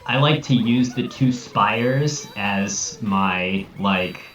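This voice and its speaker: Low male co-caster, halting delivery, roomy far-off mic. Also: a bit bright, lo-fi sound, soft background music. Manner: hesitant, stammering restarts. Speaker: co-commentator. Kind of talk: casual esports commentary.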